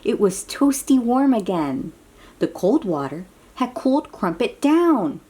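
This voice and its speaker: Animated, slow-paced woman reading to kids. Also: on the high side. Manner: animated, exclamatory, chatty asides to young listeners. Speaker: children's book reader. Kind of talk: read-aloud storytelling for children.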